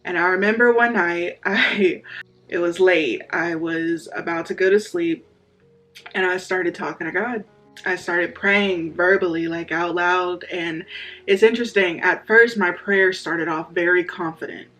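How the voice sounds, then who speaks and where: A man's voice: high voice, unhurried, faint music behind. A man telling his personal faith story in a candid, casual way, his voice rising sharply when he acts out his own pleading. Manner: candid, animated, voice rises sharply when reenacting pleas. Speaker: vlogger sharing a faith testimony.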